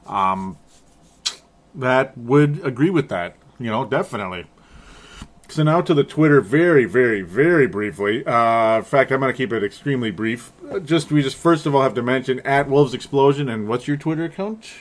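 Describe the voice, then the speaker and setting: A man's voice: mid-range voice, expressive, moderate pace. A man hosting a casual sports podcast, rambling and laughing often at his own slips. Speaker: podcast host.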